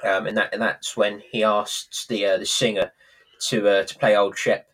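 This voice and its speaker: Male podcast co-host, husky, easygoing and rambling. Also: on the low side, little pitch movement, normal speed, a bit bright. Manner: rambling, hesitant, laughs at himself. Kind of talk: casual chat.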